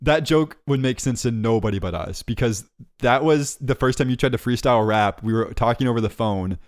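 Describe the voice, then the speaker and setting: A man's voice: mid-range voice, brisk, no echo, studio quality. A man co-hosting a podcast in casual chat, teasing and mocking his co-host.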